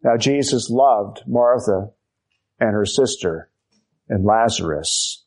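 A man's voice: on the low side, expressive, slow pace, darkish tone. A man preaching an expository sermon, emphatic, building his points through repetition.

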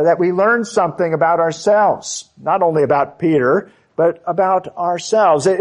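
A man preaches with earnest emphasis and dramatic pauses. His voice sits a little high for a man. He moves slowly, stretching out the words that matter most. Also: a little mellow. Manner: occasional fillers and restarts. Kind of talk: sermon.

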